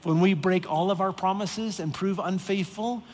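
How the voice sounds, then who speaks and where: A man's voice: high voice, moderate pace, a little mellow. A man preaching a sermon, earnest, with heavy repetition for emphasis. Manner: earnest, repetitive emphasis, acts out exasperated voices. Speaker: pastor. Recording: long reverb of a large hall.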